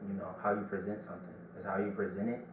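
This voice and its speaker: A man's voice: low voice, flat delivery, rapid-fire. A man, a podcast guest, chatting in an easygoing way. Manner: easygoing, plugs his clothing brand. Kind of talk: casual chat. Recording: echoey room, distant mic, audible hiss.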